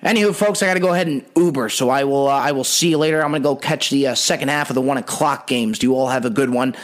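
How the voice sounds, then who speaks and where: A man hosting a podcast, telling a funny story in an animated, rambling, wry way. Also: medium pitch, quick pace. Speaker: podcast host. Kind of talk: comedic storytelling monologue.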